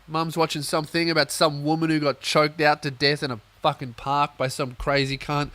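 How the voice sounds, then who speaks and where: Young guy ranting on his podcast, lots of swearing, bright tense voice, dry sound. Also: a little high, dry recording. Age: young adult. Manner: swearing, animated, acts out voices. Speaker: comedian podcast host. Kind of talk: comic storytelling rant.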